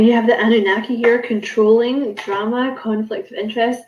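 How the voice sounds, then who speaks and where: A woman's voice: on the high side, level tone, moderate pace, few pauses, a little mellow, reverberant, dull audio. A woman giving a casual spiritual card reading to camera, musing and rambling with many fillers and self-corrections. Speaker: tarot card reader.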